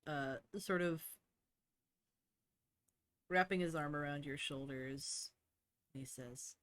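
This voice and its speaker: A man player narrating his character's actions in a tabletop game, measured and a little hesitant. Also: fairly high pitch, fairly bright tone, clear, resonant tone, no echo.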